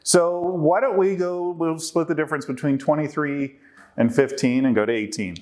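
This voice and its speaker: A man's voice: a little high, fairly even intonation, normal speed, darkish tone. A man presenting a workshop to a live group, quizzing the audience and working through numbers aloud.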